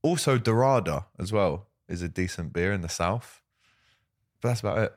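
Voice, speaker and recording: A man's voice: low voice, expressive, moderate pace, dry recording, clean studio sound. A man hosting a casual live stream, chatting with a guest and reading out viewer comments in a jokey way. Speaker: host.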